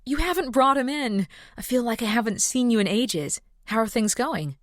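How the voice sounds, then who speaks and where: A friendly young female veterinarian, as a woman reader voices her, eager and caring, a touch higher than the reader's narrating voice. The storybook recording is close and dry. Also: lively intonation, moderate pace, no room sound, lightly acted.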